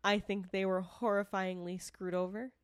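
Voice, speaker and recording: A woman co-hosts a casual true-crime podcast in a medium-pitched, level voice at a moderate pace, with no room sound. She talks frankly and indignantly, swearing and laughing often, and isn't from the area where the show is made.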